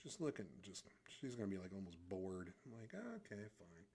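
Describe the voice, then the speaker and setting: A man's voice: sits low, fairly quick, warm tone, a little hiss or hum. Casting: a male art streamer, offhand and thinking aloud, who mutters when he is focused. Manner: rambling, self-deprecating, thinks aloud. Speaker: livestreamer drawing comics. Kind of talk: casual chat while drawing.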